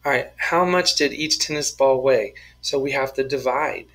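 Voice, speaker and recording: A man's voice: medium pitch, moderate pace, fairly bright tone, poor audio. A man teaching a math lesson, talking through each step of the problems in a playful, joking way. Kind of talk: screen-recorded math lesson, working problems aloud.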